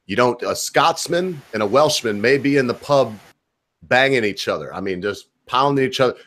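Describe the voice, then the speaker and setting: A man's voice: mid-range voice, animated, moderate pace, a bit bright. An American man hosting a live stream, chatting casually with a guest. He rambles, swears freely and jokes as he goes. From United States. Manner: rambling, profane, jokey banter.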